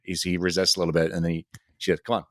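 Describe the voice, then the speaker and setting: A man's voice: sits low, completely flat delivery, racing, a bit bright, a little hiss or hum. A man co-hosting a podcast, casually chiming in and describing scenes from a TV episode. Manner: laid-back, chimes in with short agreements. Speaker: podcast co-host. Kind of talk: casual discussion of a TV show.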